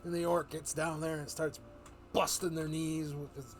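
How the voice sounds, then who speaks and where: A man's voice: on the high side, moderate pace, slight background noise. Rambling man telling an adventure tale. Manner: rambling, animated retelling with many fillers and restarts. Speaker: streamer telling a fantasy adventure story. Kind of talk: live-streamed casual storytelling.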